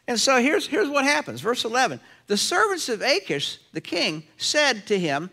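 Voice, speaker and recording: High lively guy preaching a sermon, acts out voices in his stories. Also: normal speed. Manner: animated preacher acting out quoted voices. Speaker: pastor. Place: church sanctuary.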